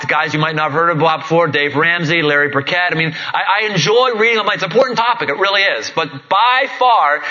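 Bright-voiced, jokey pastor. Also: male voice, a little high. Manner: conversational and jokey, lively storytelling. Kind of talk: sermon. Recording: dull lo-fi recording.

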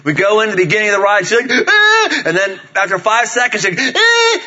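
Animated pastor preaching, lo-fi sound. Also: male voice, high voice, racing, a crowd in the background. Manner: animated storytelling, acts out voices of family members. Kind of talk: sermon. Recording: dull lo-fi sound.

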